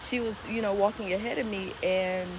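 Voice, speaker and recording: A woman's voice: mid-range voice, fairly even intonation, normal speed. A woman vlogging casually while hiking an outdoor trail, talking into a phone held at arm's length in a rambling, chatty way full of fillers and laughs. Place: outdoor nature trail near a pond. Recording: outdoor ambience with clear background noise.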